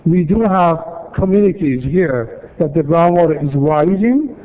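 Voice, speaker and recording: A man's voice: on the high side, animated, measured pace. A man from city staff presenting at a council meeting, explaining rules step by step with repeated points and dry asides. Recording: tinny, phone-like archive audio.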